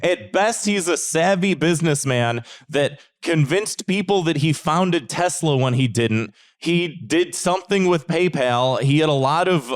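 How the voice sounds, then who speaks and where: A man's voice: on the high side, expressive, a little slow, few pauses. A man on a podcast, ranting in an exasperated, casual way and swearing freely. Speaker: podcast panelist.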